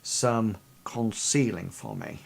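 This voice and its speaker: A man's voice: lowish voice, slow, gravelly, full character voice. A man voicing a sly, scheming pirate ship captain who smuggles cargo. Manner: sly, conspiratorial.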